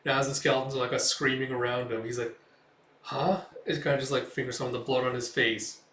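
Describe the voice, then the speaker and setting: A man's voice: mid-range voice, little pitch movement, fast talker, sharp tone, far from the mic. Man casually retelling a comic. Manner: loose retelling with many fillers. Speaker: comic reviewer. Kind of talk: casual comic read-through. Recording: echoey room, mic set back.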